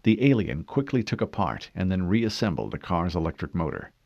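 Low-voiced male audiobook narrator. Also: sing-song, fairly quick, gravelly, darkish tone, no room sound. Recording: dull dry studio read.

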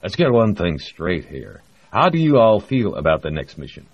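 A gruff, gravelly project director with a South Texas drawl, put on by a male audiobook narrator. He talks blunt and folksy, his low voice swinging widely in pitch. The read is dry and a little muffled. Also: very animated, moderate pace, no echo, full character voice. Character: gruff middle-aged American project director, ex-Texan. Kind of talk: audiobook character voice.

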